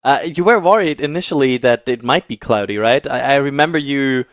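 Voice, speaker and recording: A man's voice: medium pitch, brisk, no echo. Hesitant, teasing man on a dry call. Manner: hesitant, teasing, stumbles over words. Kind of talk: casual live-stream chat.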